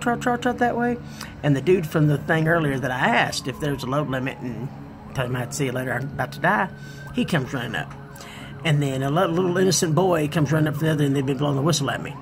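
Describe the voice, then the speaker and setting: A woman vlogger telling a comic personal story, animated and self-deprecating, laughing as she goes. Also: sits low, quick pace, background noise.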